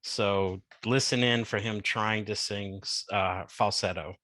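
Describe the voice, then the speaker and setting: A man's voice: lowish voice, fairly even intonation, slow pace, bright, forceful tone, dry recording. A male podcast host giving a chatty, casual recap with many fillers.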